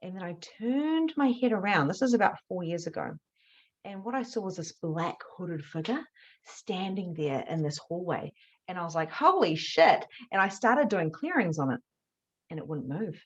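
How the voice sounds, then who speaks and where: A woman, a spiritual mediumship teacher telling a candid story to camera, animated and swearing freely. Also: lowish voice, moderate pace, highs cut off. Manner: animated, swears freely, acts out her own past reactions.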